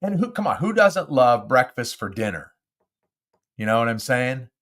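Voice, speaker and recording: An older man from Southern California hosting a live podcast, chatty and animated, talking close into a studio mic. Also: medium pitch, normal speed. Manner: chatty and animated, self-deprecating. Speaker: podcast host. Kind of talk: casual live podcast chat. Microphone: close studio mic with windscreen.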